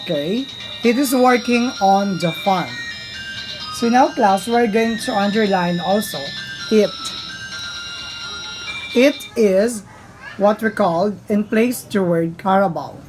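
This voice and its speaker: A woman teacher walks young learners through a grammar lesson. She talks very slowly and deliberately and keeps calling on the class. Light music plays faintly under her voice. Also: mid-range voice, low-quality recording. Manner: slow, deliberate, addresses class often.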